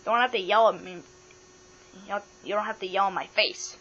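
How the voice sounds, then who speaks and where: A woman's voice: medium pitch, fairly even intonation, normal speed, fairly bright tone, husky. A woman hosting a pretend toy talk show, giving matter-of-fact answers and bossy instructions. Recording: dull lo-fi with mains hum.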